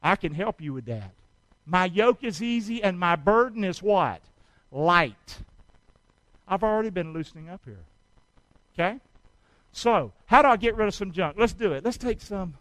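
High-voiced preacher, call and response. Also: male voice, animated, normal speed, pauses often, no room sound, poor audio. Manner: call-and-response preaching, swings from shouting to quiet. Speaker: pastor. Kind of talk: sermon.

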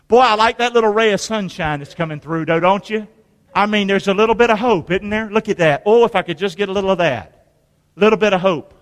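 A man preaching a sermon in a church, leading call-and-response and swinging from hushed lines to shouts. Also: sits high. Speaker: pastor. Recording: reverberant church hall.

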